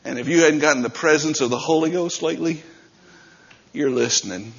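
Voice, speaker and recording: A man preaching a sermon as pastor, swinging between shouted passages and quieter talk. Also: on the high side, a little fast, breathy edge, highs cut off.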